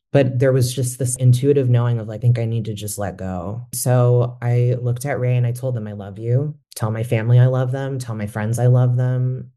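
Mellow-voiced man, reflective and candid. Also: medium pitch. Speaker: mental health educator. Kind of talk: personal testimony.

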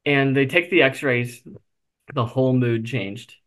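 A man's voice: mid-range voice, fairly even intonation, slow, fairly bright tone. A man being interviewed, telling a personal story candidly, with self-deprecating humor and frequent fillers. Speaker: interview guest.

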